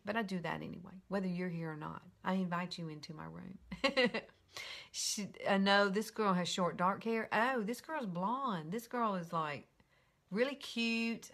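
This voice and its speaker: A woman's voice: fairly low pitch, vocal fry, a bit bright. An older woman with a Southern US accent, chatting casually and rambling with giggles while hosting a makeup tutorial from her bedroom. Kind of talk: casual live-stream chat. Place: bedroom at home.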